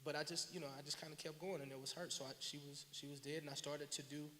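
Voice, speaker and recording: A man, a filmmaker guest, telling his story in an animated, slangy and earnest way on a panel at a live event. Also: a little high, fast. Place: large hall at a live event. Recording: reverberant hall, faint hiss.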